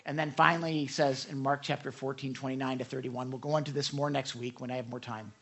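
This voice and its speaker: A man's voice: medium pitch, fast talker, few pauses, breathy edge, dull audio. Guy preaching, reads verses with big emphasis, jokes on the side. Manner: lively, emphatic reading of scripture with asides. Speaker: pastor. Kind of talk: sermon.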